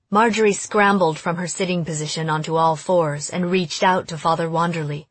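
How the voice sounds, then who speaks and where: A woman narrating an audiobook in a steady storytelling voice. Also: fairly low pitch, normal speed, hardly any pauses, husky, no echo. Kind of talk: scripted narration.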